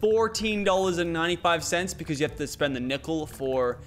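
A man's voice: fairly high pitch, fairly even intonation, brisk, a bit bright. A young man giving casual let's-play commentary, swearing often and talking through his plans aloud. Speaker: gaming YouTuber.

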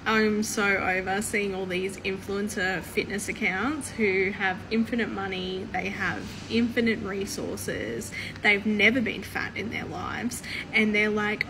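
A woman rants quickly and bluntly to her camera, swearing freely. Her pitch is average. Clear background noise sits over the whole recording. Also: steady tone. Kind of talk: venting to camera.

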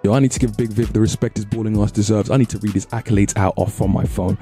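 Young English vlog host, gravelly and dark, slangy hype talk. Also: male voice, lowish voice, fast talker, soft background music. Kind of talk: casual history vlog narration.

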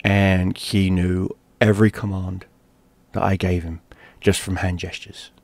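Low-voiced man telling a wild story. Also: measured pace, vocal fry, no echo. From London, England. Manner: animated, profane, acts out shouted quotes. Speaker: gaming streamer. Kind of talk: casual personal storytelling.

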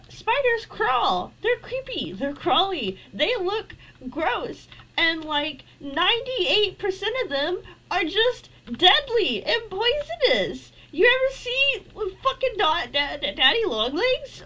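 High-pitched jittery young woman streamer. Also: pushed and bright, rough recording. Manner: jittery and frightened, shrieking at spiders, then rambling. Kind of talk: casual gameplay stream.

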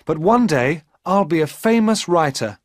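A man's voice: fairly high pitch, lively intonation, a little slow, dry recording, studio quality, pitched above the performer's own voice. A man voicing an earnest poor young student in love, in a storybook reading.

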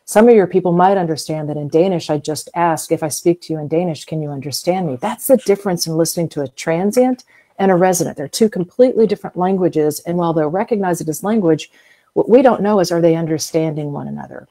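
Chatty woman, low warm voice, explaining. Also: fast talker. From US South. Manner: chatty, explains with everyday comparisons, many fillers. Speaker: whale museum guest expert. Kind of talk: explanatory interview answers.

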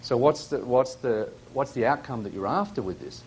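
A man's voice: medium pitch, expressive, normal speed, darkish tone, slight background noise. A man presenting a live workshop, chatty and full of questions, coaching people from the audience.

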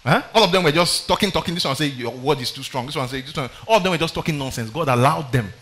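A man's voice: a little high, animated, very fast, a bit bright. A man preaching a sermon, reading scripture aloud with dramatic emphasis and calling out for the next verse. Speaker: pastor.

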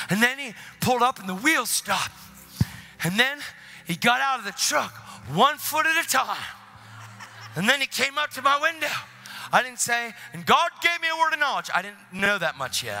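Animated, bright-voiced male preacher. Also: high voice. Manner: acts out both sides of dialogues, bursts into excited shouts. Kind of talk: energetic sermon storytelling. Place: church.

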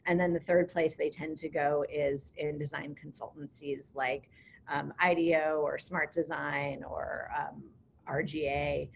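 Woman, fairly low pitch, gravelly, upbeat, lots of ums, online info session, faint hiss. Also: flat delivery, measured pace. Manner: upbeat, conversational, frequent ums. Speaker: program director.

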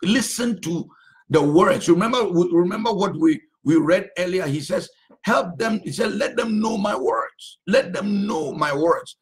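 A man's voice: high voice, unhurried. A male pastor preaching a sermon, drawing out phrases and repeating them for emphasis.

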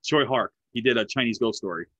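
A man's voice: medium pitch, fast talker, a bit bright, slightly rough. A man in his forties, from the United States, hosting a podcast in a chatty, easy-laughing way. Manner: chatty film buff, laughs easily. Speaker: podcast host. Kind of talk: casual interview chat. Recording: dry, dull lo-fi sound.

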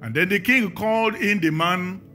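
A man's voice: sits high, normal speed, pushed and bright, faint music behind. A man with a Nigerian accent preaching a sermon, emphatic and firing questions at the congregation.

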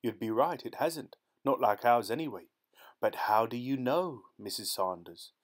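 A man reading an audiobook, voicing a peculiar, excitable male inventor who speaks urgently and intensely. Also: mid-range voice, moderate pace, natural voice.

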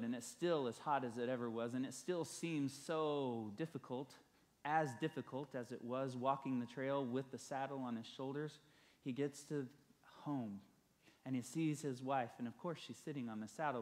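A man's voice: mid-range voice, moderate pace, darkish tone. Earnest guy pastor preaching, storytelling, builds on repeated lines. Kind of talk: sermon with storytelling.

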